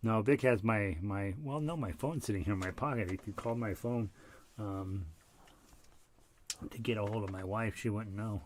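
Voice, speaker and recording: A man's voice: fairly low pitch, normal speed, noisy background. A middle-aged man leading a casual harmonica group lesson, chatty and self-deprecating, short of breath. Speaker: harmonica ensemble leader.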